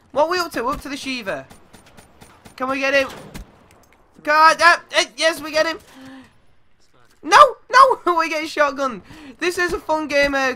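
Young male gamer, high bright voice, swears and yelps, squeaky when excited. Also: a little hiss or hum. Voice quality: goes squeaky when yelling. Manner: excitable, shouts and swears at the game. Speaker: gaming YouTuber. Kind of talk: live gameplay commentary.

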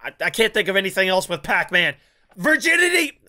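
High, bright-voiced young man ranting. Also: sing-song, brisk. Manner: rambling and crude, stammering restarts. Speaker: YouTube reaction host. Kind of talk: casual reaction commentary.

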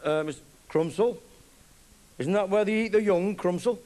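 A man's voice: high voice, normal speed, a crowd in the background. A middle-aged man telling a rambling stand-up story and acting out both sides of awkward chats. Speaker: stand-up comedian. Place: theatre stage before a live audience. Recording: live concert recording, audience noise.

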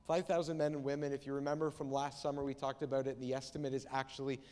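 A male pastor preaching in an easy, talky way, slipping into voices for the figures he quotes. His voice sits at an ordinary pitch for a man. The sound rings with the long reverb of a church hall. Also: level tone, quick pace, darkish tone. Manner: conversational preaching, acts out Bible quotes. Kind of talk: sermon. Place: church sanctuary.

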